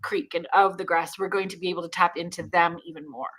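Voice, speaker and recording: A woman's voice: lowish voice, fairly even intonation, fast talker, fairly bright tone. A woman guest on a podcast, speaking in an earnest, reflective way. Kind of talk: casual chat.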